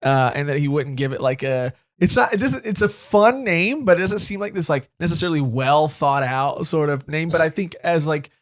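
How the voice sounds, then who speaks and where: A man co-hosting a podcast, chatting casually and joking, retelling scenes with animated quotes. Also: on the high side, moderate pace, hardly any pauses. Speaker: podcast co-host. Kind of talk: casual chat.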